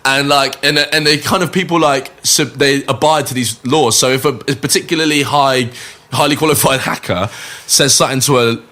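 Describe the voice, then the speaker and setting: A young man, a podcast guest, telling a rambling story in casual chat, animated, swearing and laughing as he goes. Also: medium pitch, normal speed.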